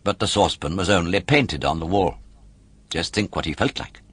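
A man narrating a children's novel audiobook in an expressive, dramatic storytelling manner. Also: deep voice, normal speed, slightly rough, no echo.

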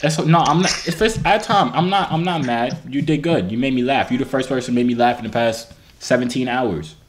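Man, host, casual chat, slangy teasing banter, mid-pitched. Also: brisk.

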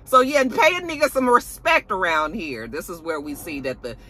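A young adult woman recapping a TV episode in a sassy, animated, casual way, acting out the characters' lines. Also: lowish voice, normal speed. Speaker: TV show reviewer.

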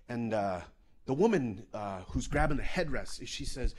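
A man from Canada, a comedian giving a comedic storytelling talk in a loose, profane, animated way. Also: medium pitch, moderate pace. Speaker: comedian and speaker.

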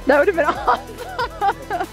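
A woman vlogging outdoors while hiking up a volcano, excitable and quick to laugh, at times out of breath, speaking into a handheld camera mic. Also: very high voice, music in the background. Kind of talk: outdoor adventure vlog.

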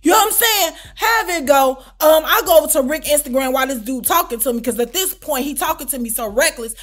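A woman with a high voice tells a personal story straight to camera. She talks casually, with loud, exclamatory bursts and plenty of swearing. Her delivery stays animated the whole way through. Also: a little fast, faint music behind. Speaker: storytime vlogger.

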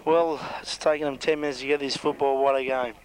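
A man with an Australian accent doing joking, excitable play-by-play on an amateur rugby league match. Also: mid-range voice, brisk, rough recording. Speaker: match commentator.

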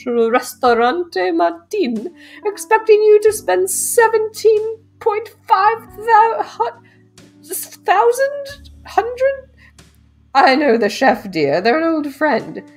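A vain posh rat, shrill squeaky voice, drawling and affected, game dialogue. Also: female voice, very animated, slow pace, faint music behind, full character voice. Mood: haughty. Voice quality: high-pitched, affected upper-class drawl. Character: pompous posh wealthy rat suitor.

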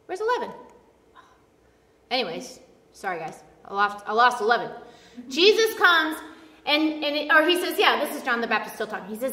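A high-voiced woman preaches in a loose, conversational way, breaking into animated quoted voices. She sounds chatty and self-deprecating. The sound carries the long reverb of a large church hall, picked up from some distance. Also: normal speed, pauses often. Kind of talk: casual sermon. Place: church sanctuary. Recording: echoey church hall from far off.

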